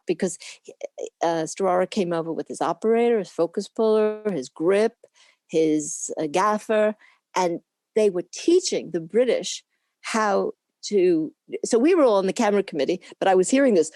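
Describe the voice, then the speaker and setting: An older woman, a former camera assistant, chatting as an interview guest and telling lively stories with frequent laughs. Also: lowish voice, moderate pace, no room sound, clean studio sound. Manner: lively anecdotal storytelling with laughs; acts out quoted people in put-on voices. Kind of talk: casual interview reminiscing.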